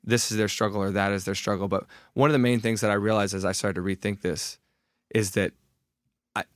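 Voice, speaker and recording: A man in his thirties talks as a podcast guest in a casual, candid way, often restarting his sentences and poking fun at himself. His voice sits on the low side. The sound is dry and close, with no room around it. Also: fairly even intonation, a little fast, no echo. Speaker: author and guest.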